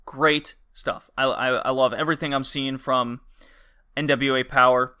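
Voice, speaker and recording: Young male podcast host, upbeat and bright, rambling casual chat. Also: medium pitch. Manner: chatty, quick, loose with asides and laughs.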